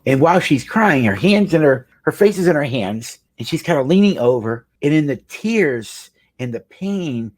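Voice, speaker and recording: A man's voice: on the high side, sing-song, moderate pace, hardly any pauses. A middle-aged man, a marriage counselor, telling a client story to the camera with emphatic, preacher-like delivery.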